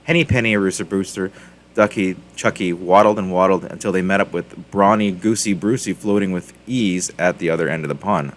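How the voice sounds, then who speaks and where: A man's voice: low-pitched, a little fast. A man hosting a crypto mining video, casually chatting and reading a children's story aloud with ums and self-corrections.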